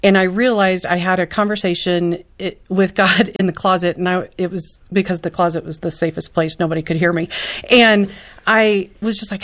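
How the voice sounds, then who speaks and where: A woman's voice: lowish voice, steady tone, moderate pace, fairly bright tone. A woman as an interview guest, a mother of a child with special needs, answering in an earnest, emotional and open way.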